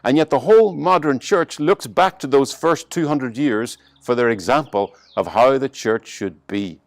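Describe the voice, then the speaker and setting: A man with an Irish accent preaching a sermon as pastor, pressing hard on some phrases and dropping to a soft, slow hush on others. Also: mid-range voice, vocal fry, dry recording. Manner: varies emphasis and pace, slows to a soft hush on key lines.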